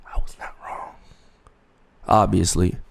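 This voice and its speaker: Speaking slowly, a young man tells his chat a long, casual, profane story, swinging between hushed tones and laughter.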